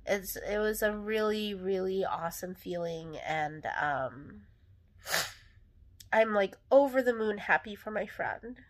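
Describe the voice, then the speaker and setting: A woman's voice: medium pitch, lively intonation, slow. A young adult woman hosting a casual solo podcast, talking candidly in a rambling way with lots of fillers. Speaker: podcast host.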